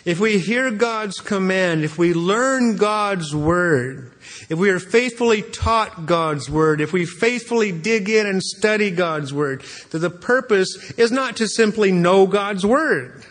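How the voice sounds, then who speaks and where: Pastor, male, slow earnest preaching, slightly high voice, long church reverb. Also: lively intonation, fairly bright tone. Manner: earnest, repeats words when restarting. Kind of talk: expository sermon.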